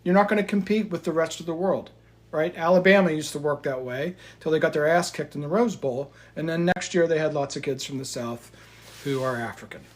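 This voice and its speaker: A man giving heated, profane market commentary, swinging between loud outbursts and quiet asides. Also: on the high side, a little fast. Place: indoors in front of a chart.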